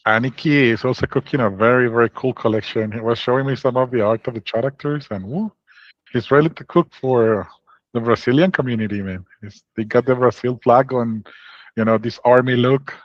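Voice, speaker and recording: A man's voice: medium pitch, a little fast, no room sound, highs cut off. A man chatting casually and playfully as a guest on a livestream call. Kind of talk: casual chat.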